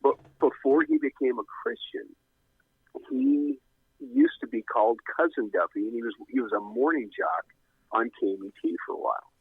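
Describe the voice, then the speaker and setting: A man's voice: mid-range voice, very animated, normal speed, gravelly, breathy edge, no echo. A middle-aged man telling a long story as a guest, rambling and restarting often. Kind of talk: casual storytelling. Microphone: phone. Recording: tinny, dry phone line.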